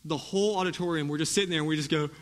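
A young man preaching a sermon in a conversational, animated way, often restarting his sentences. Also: a little high, very fast. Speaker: pastor. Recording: echoey hall.

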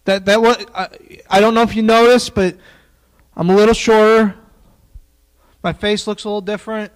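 A man preaching a sermon in a folksy, joking way, dropping into quiet asides. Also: sits high, flat delivery, normal speed, rough recording.

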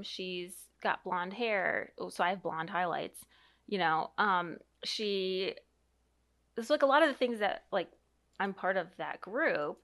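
A woman's voice: mid-range voice, a bit bright. A woman in her thirties or forties, a mother co-hosting a podcast, chatting in a rambling, easygoing way. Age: 30s to 40s. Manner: chatty and rambling, reads aloud from an article. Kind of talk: casual podcast chat.

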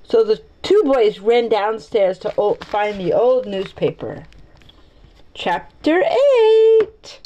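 A woman's voice: medium pitch, measured pace, hardly any pauses, dark tone, highs cut off. A woman reading a chapter book aloud, playful, adding teasing asides between passages. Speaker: storybook reader.

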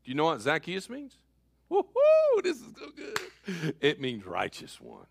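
A man preaching a sermon as pastor, switching between loud calls and quiet asides. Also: on the high side, huge pitch swings, unhurried, no room sound, clean studio sound.

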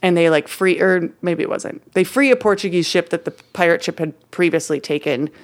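A woman with a fairly low voice, co-hosting a laid-back history podcast. She tells her story loosely and chattily, with lots of "like" and "uh" and the odd bit of slang. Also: fairly quick. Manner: casual, full of fillers like "like" and "uh", playful slang. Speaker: podcast co-host presenting history research. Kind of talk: casual history podcast chat.

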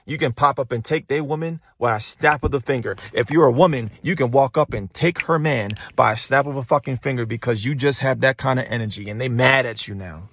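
A man's voice: mid-range voice, a little fast, few pauses, fairly bright tone, a little hiss or hum. A man hosting a motivational podcast, talking emphatically and profanely into his phone and hammering points home by repeating phrases. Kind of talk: casual motivational monologue. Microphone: phone held while talking.

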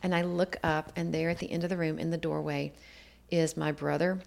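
Telling her life story as a guest, this woman speaks low and level with vocal fry and a somewhat dark tone. She moves briskly, earnest and reflective, acting out what others said in quoted dialogue.

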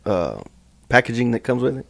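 A man in casual chat, giving matter-of-fact tips in a low-key way. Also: big pitch swings, fairly quick, creaky, no echo.

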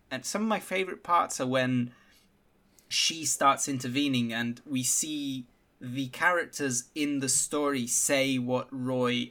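A man in a casual film discussion, animated and laughing as he talks. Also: a little high, creaky. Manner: animated, laughs while talking.

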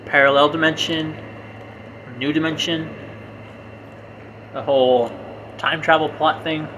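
A young man with a slightly higher voice, thinking aloud in a relaxed podcast chat with his brother, pausing on "uh" and "like" as he works ideas out. The recording carries a clear noise bed, with an air conditioner humming behind him. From Hispanic family, grew up in the US. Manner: musing, hesitant with fillers. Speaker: podcast co-host. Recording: noisy home recording.

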